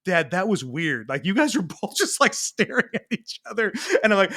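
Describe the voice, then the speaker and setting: Animated storytelling man, slightly high voice. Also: a little fast, few pauses. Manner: animated, acts out dialogue in his stories. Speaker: parenting coach and guest. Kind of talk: conversational storytelling.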